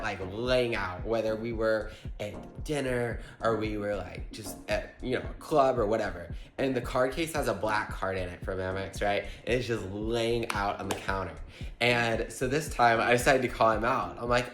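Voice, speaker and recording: A young man with a mid-pitched voice tells gossipy stories in a chatty, filler-heavy way. His voice bounces around an echoey room, with faint music in the background. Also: a bit bright. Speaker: vlogger. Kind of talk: casual storytelling.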